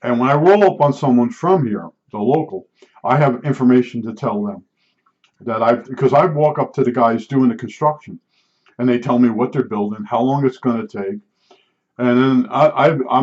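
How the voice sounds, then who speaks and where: A man's voice: mid-range voice, normal speed, darkish tone. Older New Jersey man rambling chattily. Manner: rambling, chatty, restarts and asides. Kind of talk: casual storytelling monologue. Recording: dull lo-fi sound.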